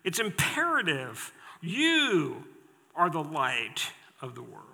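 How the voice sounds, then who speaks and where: A male pastor delivers a sermon in a bright, high voice, unhurried and emphatic as he drives home repeated phrases. His words ring out with a long reverb from the church sanctuary.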